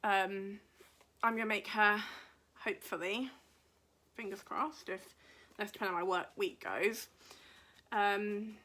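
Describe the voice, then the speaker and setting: Woman, bright clear voice, casual rambling chat, thinking aloud, occasional murmured asides. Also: medium pitch, fairly even intonation, slow, pauses often. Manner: rambling, thinking aloud while leafing through a book. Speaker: craft podcast host.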